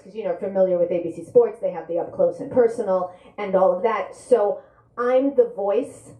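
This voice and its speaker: A middle-aged woman from the Soviet Union, an author telling lively, wry stories at a live bookstore event. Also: mid-range voice. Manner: lively, brisk storytelling with wry humor. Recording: echoey room at a live event.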